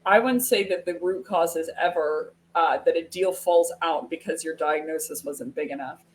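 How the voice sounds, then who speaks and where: Low-pitched and moderately paced, an American woman runs a casual live sales webinar, spinning lively stories punctuated by frequent laughter. There's slight background noise.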